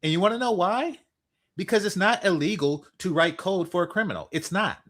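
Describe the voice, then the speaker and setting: A man's voice: high-pitched, animated, brisk, a bit bright. A man giving heated, profane commentary, repeating himself and swearing as he rants.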